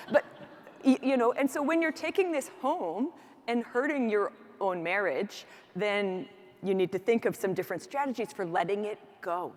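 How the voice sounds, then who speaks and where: A woman's voice: mid-range voice, brisk, a little hiss or hum. Woman doc giving a conference talk, candid and chatty, big hall reverb. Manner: candid, animated storyteller with asides. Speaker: emergency physician giving a plenary talk. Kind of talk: conference keynote speech.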